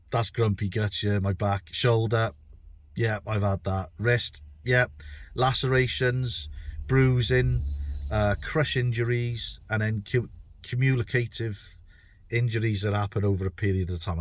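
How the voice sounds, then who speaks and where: Middle-aged British bricklayer, podcast host; lowish voice, dry close sound, rambling and self-mocking. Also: male voice, no echo. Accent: British English. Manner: chatty, rambling, repeats words while thinking; self-deprecating. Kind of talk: casual podcast monologue.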